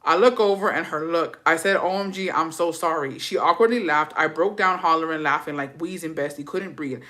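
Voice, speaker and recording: A woman hosting a casual gossip show, reading viewer stories aloud and reacting with animated, profane commentary that drops Spanish words. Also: low-pitched, brisk.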